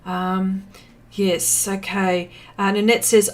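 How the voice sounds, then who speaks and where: A woman's voice: medium pitch, steady tone, slow pace, darkish tone. An Australian woman hosting a livestream, chatting casually and reading viewer comments aloud with lots of fillers. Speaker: livestream host. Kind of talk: casual chat while painting, reading comments.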